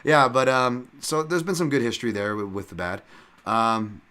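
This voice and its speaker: A man's voice: medium pitch, animated, moderate pace, bright, forceful tone, clean tone. A male podcast host giving a casual, rambling fight-betting breakdown, full of fillers, restarts and casual swearing.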